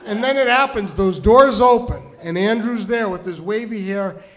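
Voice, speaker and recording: Storytelling comic, male, higher-pitched voice; rambling, full of restarts, drops to a hush and rises to shouts. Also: normal speed. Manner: rambling, lots of stammered restarts and "like"; swings from hushed and tender to loud and shouting. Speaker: storytelling comedian. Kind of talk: stand-up storytelling. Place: stage before a live audience.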